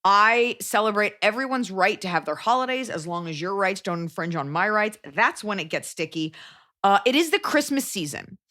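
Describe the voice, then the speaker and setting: A woman's voice: mid-range voice, lively intonation, normal speed, pushed and bright. A young adult woman hosting a podcast, giving blunt, profane advice in a casual chat and jumping into quoted voices. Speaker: podcast host.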